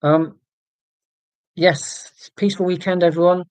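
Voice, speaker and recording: A man's voice: high-pitched, fairly even intonation, a little slow, darkish tone, clean tone, no echo. A man hosting a casual livestream, rambling from home while reading out viewer comments in a chatty, self-deprecating way. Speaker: livestream host.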